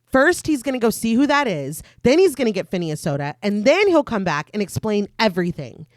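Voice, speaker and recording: A woman's voice: mid-range voice, big pitch swings, brisk, dry recording. Dry-miked woman recapping a horror film. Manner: retells the plot in detail, then adds her own reactions. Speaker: podcast co-host. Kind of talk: casual chat and film recap narration.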